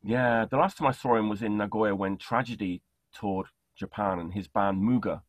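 A man's voice: on the low side, normal speed, no room sound. A man hosting an interview over a video call, chatty and enthusiastic with lots of fillers. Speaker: podcast host. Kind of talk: casual interview chat.

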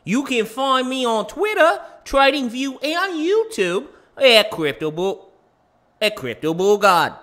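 A man's voice: big pitch swings, exaggerated voice. A man putting on an exaggerated mock-Australian accent to greet his podcast listeners. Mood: hammy welcome. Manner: exaggerated, high, loud, drawn-out delivery. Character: over-the-top mock-Australian male podcast host. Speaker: podcast host.

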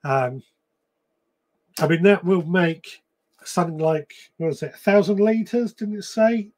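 A man's voice: sits high, a little slow. Chatty man hosting a live stream. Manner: chatty, relaxed, with frequent ums and restarts. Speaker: podcast host. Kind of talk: live-stream chat reading viewer comments.

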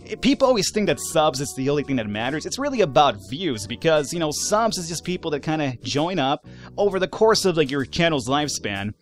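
A man giving casual, animated let's-play commentary, swearing, laughing and talking back to the game's characters. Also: a little high, a little fast, faint music behind. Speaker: gaming YouTuber.

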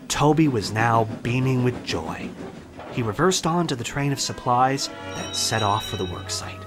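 A man narrates a children's storybook with a lively, expressive voice and a gentle manner. Music plays clearly behind him. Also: mid-range voice, normal speed.

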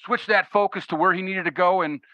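A man's voice: high-pitched, steady tone, a little fast, no room sound. A man hosting a podcast in a casual, encouraging way, often calling his guest "man". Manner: laid-back, affirming, says "man" often. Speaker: podcast host. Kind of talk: casual interview chat. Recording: dry, dull lo-fi podcast audio.

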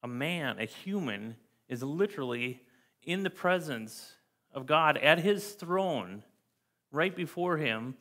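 A man's voice: fairly high pitch, lively intonation, takes it slowly, fairly bright tone. A man preaching as a pastor, reading scripture aloud and stressing key words again and again in an earnest, emphatic way. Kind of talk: sermon. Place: church.

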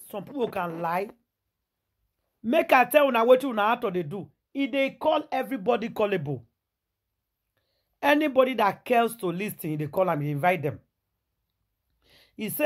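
A Nigerian woman running a celebrity gossip vlog in Pidgin-laced English, loud with exclamations and repeated phrases. Her voice is husky, and her pitch swings widely as she dramatizes each point. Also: lively intonation, normal speed, long pauses. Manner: theatrical, exclaiming, repetitive.

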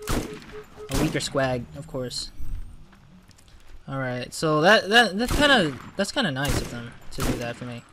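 A man's voice: mid-range voice, noisy background. A man hosting a gaming channel, giving casual let's-play commentary, chatty and flustered when he loses.

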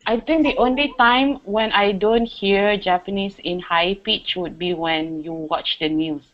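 A woman's voice: medium pitch, steady tone, measured pace, lo-fi sound. A young woman hosting a casual chat, talking hesitantly with fillers. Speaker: host.

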